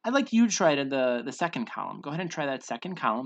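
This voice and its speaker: A man's voice: medium pitch, sing-song, fast talker, gravelly, dry recording. A man teaching English pronunciation in an online lesson, patiently repeating each word for students to drill.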